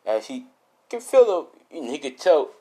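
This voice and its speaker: A man spinning an improvised fan story off the cuff, rambling from point to point and leaning heavily on fillers. His pitch swings around a lot as he talks. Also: sing-song, moderate pace, dark tone.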